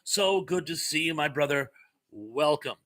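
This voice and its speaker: A man's voice: fairly high pitch, lively intonation, measured pace, sharp tone. A man hosting a live stream, casually chatting and reading viewer comments aloud, rambling with fillers and laughter.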